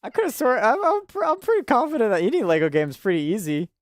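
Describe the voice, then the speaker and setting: A man's voice: high voice, animated, fast talker, slight background noise. A young man giving casual, laid-back commentary while playing a video game, laughing often and tripping over words, recorded on a desk mic. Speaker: gaming channel host. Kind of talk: casual let's-play commentary.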